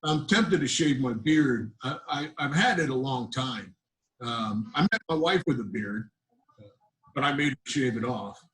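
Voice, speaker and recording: An older man, a grandfather, doing a stand-up set over a video call in a dry, deadpan storytelling manner. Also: mid-range voice, a little slow, poor audio. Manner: deadpan storyteller with self-deprecating asides. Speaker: comedian.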